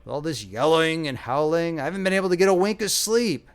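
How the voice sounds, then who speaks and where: A man's voice: on the high side, a little fast, clean tone, voice pushed up, close to an everyday voice. A man voicing an old man born as a baby, with a cracked, quavering, complaining voice. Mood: querulous. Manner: complaining, peevish. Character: querulous newborn baby who is a cracked ancient old man.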